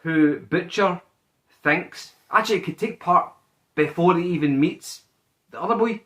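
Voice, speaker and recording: A man co-hosting a podcast, chatting casually and excitedly, swearing a lot as he retells TV scenes. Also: high-pitched, measured pace. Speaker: podcast co-host. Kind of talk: casual chat.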